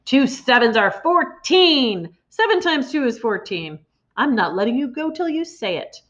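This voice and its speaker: A woman's voice: medium pitch, very animated, brisk, natural voice. A woman voicing a huge, bullying headmistress who bellows insults and drips with sarcasm, read from a storybook in a slightly muffled recording. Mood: bellowing.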